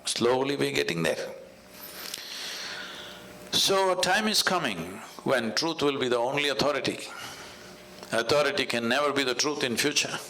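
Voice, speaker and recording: A man with an Indian English accent, a spiritual teacher speaking in a measured, storytelling way. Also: mid-range voice, animated, a little hiss or hum. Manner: measured and storytelling, with soft laughs. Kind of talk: conversational teaching with a told fable.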